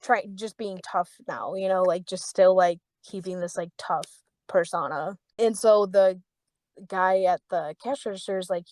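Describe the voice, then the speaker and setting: A woman's voice: measured pace, darkish tone, no echo. A young woman hosting a podcast, telling a story in a casual, heated way, swearing freely, saying "like" often and acting out the voices in her story. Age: young adult. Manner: reenacts dialogue with raised pitch. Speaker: podcast host.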